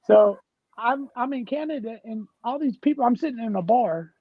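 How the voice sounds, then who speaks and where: A man's voice: extremely high pitch, expressive, moderate pace, dry recording. A man with a Southern US accent from Tennessee, telling rambling folksy stories in casual conversation as a guest. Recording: dull, dry lo-fi sound.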